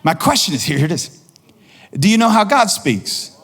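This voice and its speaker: High-voiced animated male pastor preaching. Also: normal speed, husky. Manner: animated, acts out quoted voices and repeats lines for emphasis. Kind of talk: sermon.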